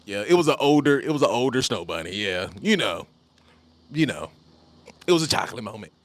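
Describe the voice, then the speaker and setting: A man telling a personal story in a casual monologue, animated and repetitive, often calling the listener "bro". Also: medium pitch, fairly quick. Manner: animated, repeats phrases, addresses listeners as bro.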